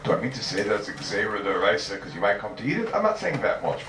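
A man giving a Talmudic lecture to a class, animated and repeating his points for emphasis. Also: lowish voice, fast. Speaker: Talmud teacher. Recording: echoey room, distant mic, faint noise.

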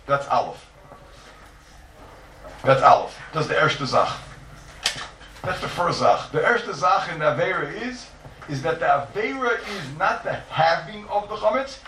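A man's voice: fairly high pitch, animated, a little fast, pushed and bright, slight background noise. A man teaching a Talmudic lecture, emphatic and repetitive, posing rhetorical questions and stressing his points. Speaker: Torah teacher. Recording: echoey room, distant mic.

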